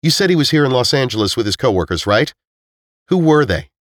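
A man's voice: mid-range voice, big pitch swings, a little fast, no room sound, studio quality, pitched above the performer's own voice, close to an everyday voice. A male narrator voicing a skeptical young man reasoning things out in a storybook reading.

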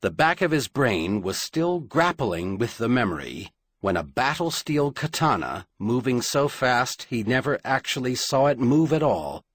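A man narrating a fantasy novel in a dramatic, measured storytelling voice. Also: mid-range voice, sing-song. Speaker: audiobook narrator. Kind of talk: scripted fiction narration.

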